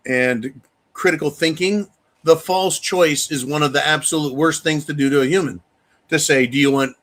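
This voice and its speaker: A man with a fairly high, sharp and forceful voice hosts a casual live talk show. He rants bluntly and profanely, speaking straight to his viewers as he reads out their donations. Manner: addresses viewers directly. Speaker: livestream host reading viewer donations.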